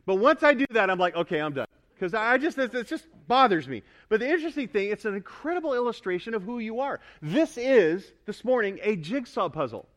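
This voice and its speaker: A male pastor preaching a sermon to his congregation, emphatic, asking them for responses and building to loud pointed repetition. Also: high voice, lively intonation, a little fast, few pauses. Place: church sanctuary.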